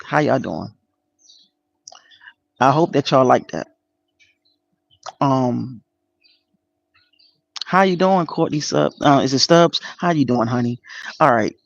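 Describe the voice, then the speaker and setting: A man hosting a casual livestream, greeting viewers by name and speaking earnestly and emotionally about his spiritual path, with many pauses and fillers. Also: mid-range voice, expressive, creaky, no room sound. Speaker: channel host. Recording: dull lo-fi dry sound.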